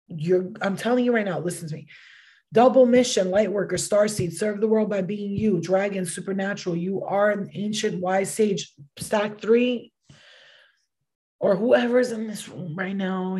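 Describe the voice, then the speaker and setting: Mellow-voiced woman giving an excitable tarot reading. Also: medium pitch. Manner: excitable, swears freely, bursts of exclamations. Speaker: tarot reader. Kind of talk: casual spoken tarot reading.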